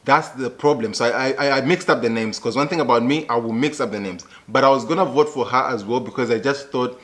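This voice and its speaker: An animated young man with a thick Zambian accent, talking casually to camera as he reacts to a clip. He keeps checking in with the listener, and his voice sits at an everyday middle pitch. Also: a little fast. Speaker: YouTube host reacting to a clip.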